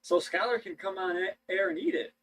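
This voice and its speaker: A young man hosting a casual livestream, talking in halting bursts with frequent restarts. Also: high voice, a bit bright. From United States. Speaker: livestream host.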